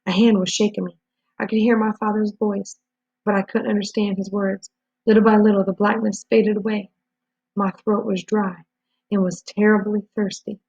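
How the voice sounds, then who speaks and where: Husky woman reading a story aloud. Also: medium pitch, moderate pace, dry recording. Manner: steady storytelling with small slips and restarts. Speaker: reader. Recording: dull lo-fi recording.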